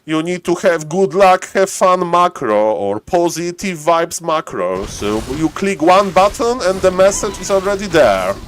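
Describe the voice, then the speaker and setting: A man casting a strategy game live on stream, joking around and yelling excitedly when fights break out. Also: unhurried, hardly any pauses. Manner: playful, jokey, bursts into excited high-pitched yelling in fights. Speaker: esports caster.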